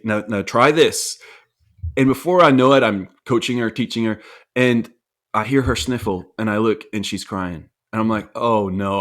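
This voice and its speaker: A man's voice: fairly low pitch, a bit bright. Earnest man telling a family story. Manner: reflective, earnest, with frequent restarts. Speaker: podcast co-host. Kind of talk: casual conversational storytelling.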